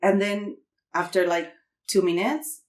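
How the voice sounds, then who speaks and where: A woman's voice: medium pitch, unhurried. Mexican-accented woman telling a funny story. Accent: Mexican Spanish. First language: Spanish. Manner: animated, acts out quotes with squeals and laughter. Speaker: podcast guest. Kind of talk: comedic storytelling. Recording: roomy echo.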